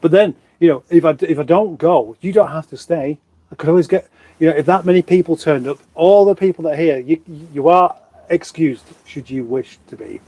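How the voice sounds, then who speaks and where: A livestream host from England, born in Surrey, speaks fairly quickly in a warm, fairly high-pitched voice with no echo. Broadcasting casually from his indoor home kitchen via a phone on a stand, he rambles, pokes fun at himself, and reads out comments from viewers.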